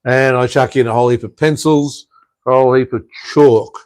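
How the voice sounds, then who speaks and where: A man's voice: mid-range voice, fairly even intonation, normal speed, a little mellow, smooth. An Australian man hosting a casual live stream, chatting loosely and answering viewer comments with lots of fillers, "mate" and "hey". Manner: rambling, with frequent "uh", "mate" and "hey".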